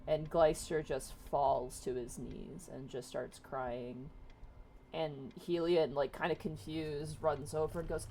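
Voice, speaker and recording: A woman narrating a tabletop role-playing game as dungeon master, in a soft, unhurried way. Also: low-pitched, steady tone, slight background noise.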